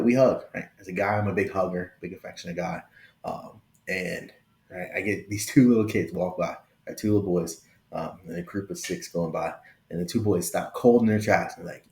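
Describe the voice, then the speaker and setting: A man's voice: low voice, darkish tone, echoey room. A man around thirty hosting a casual tech vlog, talking openly and conversationally and often checking in with "right?". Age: late 20s to early 30s. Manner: conversational, keeps adding "right?", affectionate and open. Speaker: tech video host.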